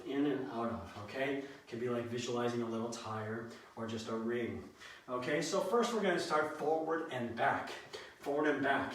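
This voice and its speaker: A man leading a workout class, counting out reps and cueing moves with joking asides. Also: medium pitch. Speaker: fitness instructor. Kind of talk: live workout coaching. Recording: echoey room, mic at a distance, faint noise.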